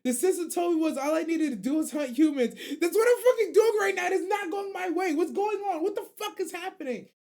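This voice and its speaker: A woman's voice: very high voice, expressive, fairly quick, few pauses, darkish tone, pitched above the performer's own voice. Woman putting on a cocky orc mage, a bully. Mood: panicked. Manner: taunting, slangy trash talk. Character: boastful brutish male orc mage, bullying.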